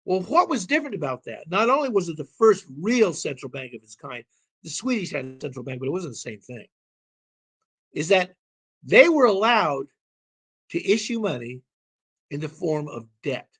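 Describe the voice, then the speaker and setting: A man's voice: fairly high pitch, very animated, moderate pace, a bit bright, husky. A man talking as a call-in show guest, explaining at length in an emphatic, rambling way and swearing now and then. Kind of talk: casual explanatory talk.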